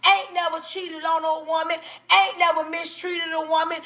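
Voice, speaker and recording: A woman's voice: very high voice, little pitch movement, normal speed, bright, forceful tone. A woman hosting a live stream, giving emphatic, preachy relationship advice straight to her viewers.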